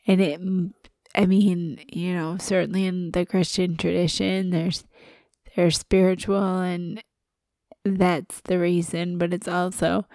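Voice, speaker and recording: A woman co-hosts a relaxed podcast with a stuffy head cold. Her voice is low, gravelly and dark, with a flat, slow delivery. The sound is dry and close. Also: dry recording. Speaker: podcast co-host. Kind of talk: casual podcast chat.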